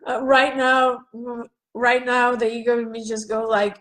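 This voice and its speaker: A woman's voice: fairly high pitch, fairly even intonation, unhurried, fairly bright tone, rough recording. A woman giving a raw, profane self-help monologue on a live video, questioning herself aloud.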